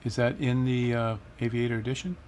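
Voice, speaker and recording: A man's voice: mid-range voice, little pitch movement, a little fast, darkish tone. A middle-aged man hosting a casual flight-sim livestream, chatting and reading viewer comments aloud with frequent laughs. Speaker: livestream host.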